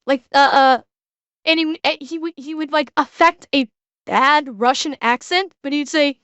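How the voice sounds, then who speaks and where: A woman streamer chatting casually as she reacts to a video, halting and repeating her words as she hunts for them, swearing freely. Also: high-pitched, fairly bright tone, no room sound.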